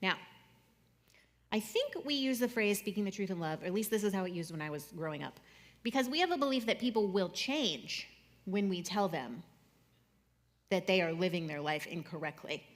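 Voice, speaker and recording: A young adult woman speaking to an audience in a conversational, jokey way, swinging between loud and soft. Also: mid-range voice, animated, normal speed. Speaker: speaker giving a talk.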